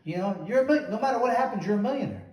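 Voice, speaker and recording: A man's voice: sits high, animated, rapid-fire, a little mellow. A middle-aged man hosting a casual chat, telling rambling stories and acting out what people said. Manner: rambling, acts out quotes. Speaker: host, former boxer. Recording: echoey room, mic at a distance.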